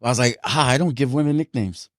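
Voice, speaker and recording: A man's voice: mid-range voice, quick pace, dry recording, studio quality. Laughing man telling gym stories. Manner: animated, laughing storyteller. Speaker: podcast host and boxing gym coach. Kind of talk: casual podcast chat.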